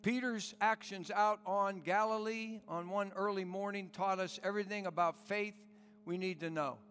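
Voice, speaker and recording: Male pastor, high voice, earnest sermon with pleading questions, long reverb from the church room. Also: fairly even intonation, moderate pace, fairly bright tone, slight background noise.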